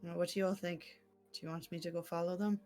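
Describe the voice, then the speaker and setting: A woman's voice: fairly low pitch, level tone, fast talker, a little mellow, faint music behind, lightly acted. A woman voicing a brash, foul-mouthed female ship captain who speaks bluntly. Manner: blunt, swears a lot.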